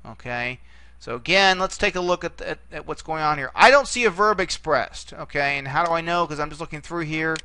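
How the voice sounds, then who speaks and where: A man's voice: fairly high pitch, a little fast, bright, forceful tone, smooth, dry recording. A middle-aged man lecturing on Greek grammar, explaining step by step and checking in with "okay?" again and again. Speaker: Greek teacher. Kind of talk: recorded classroom lecture.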